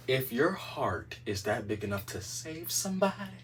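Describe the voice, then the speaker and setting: A man telling a story in a casual monologue, animated and profane, with a dramatic delivery. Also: mid-range voice, normal speed, recorded from a distance.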